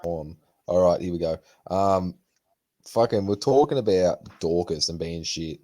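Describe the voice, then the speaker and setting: A young man hosts a laid-back podcast chat in a low, mellow voice. He swears freely and talks in loose, rambling bursts. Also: measured pace. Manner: swears a lot, animated retelling with put-on quotes. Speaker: podcast host. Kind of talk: casual chat.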